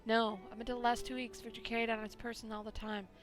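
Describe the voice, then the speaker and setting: A woman's voice: a little high, flat delivery, quick pace, soft background music, natural voice. A woman voicing a stern grieving widow who speaks formally and dismisses superstition. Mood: mournful. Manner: formal, prim.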